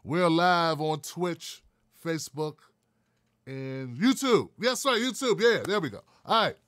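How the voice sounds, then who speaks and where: A man hosts a live political talk show and greets his viewers in a loose, joking way. He makes dry, sarcastic asides. His voice sits a bit high, and the sound is close and dry with no room echo. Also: lively intonation, a little slow, fairly bright tone. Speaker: show host.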